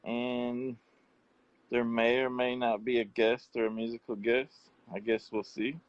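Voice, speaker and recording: A man's voice: mid-range voice, little pitch movement, no echo. A man hosting a casual talk show, wrapping up in an easygoing way. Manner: slow, easygoing wrap-up talk. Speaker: show host. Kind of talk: casual chat. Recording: dull, lo-fi dry sound.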